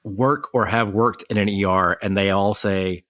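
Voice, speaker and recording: An American man co-hosting a podcast, retelling an accident in a brisk, animated way, quoting what everyone said. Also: lowish voice, no echo, studio quality. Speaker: podcast co-host. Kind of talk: casual storytelling chat.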